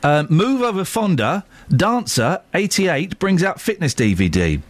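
A man's voice: on the high side, unhurried. A middle-aged man hosting a radio show in casual, jokey chat. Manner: jokey, lively, mock-outraged. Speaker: radio host.

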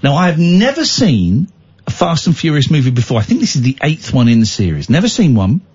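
A man hosting a late-night radio phone-in, chatting and telling stories in a playful, animated way. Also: on the high side, fairly quick, husky, lo-fi sound. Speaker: radio show host.

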